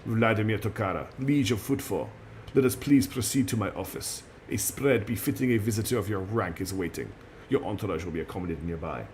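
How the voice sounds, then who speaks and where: A man's voice: lowish voice, brisk, a little hiss or hum, voice pushed down, lightly acted. Man doing an aloof ruler in a mock Russian accent. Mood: formal. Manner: calm, quiet and formal. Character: aloof calm male station ruler, curt and indifferent. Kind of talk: voicing game dialogue on a stream.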